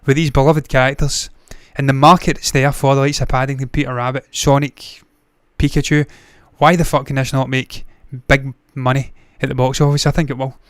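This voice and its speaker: A man's voice: medium pitch, level tone, fairly quick, hardly any pauses, clean tone, no echo. Profane, rambling movie-news host, man. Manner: blunt, profane, rambling with tangents. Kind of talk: casual solo commentary.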